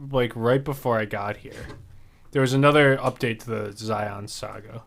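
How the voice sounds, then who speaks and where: Reading messages aloud from his phone and laughing between lines, a male podcast co-host keeps things casual. His mid-range voice is a bit bright, and he moves at a moderate pace.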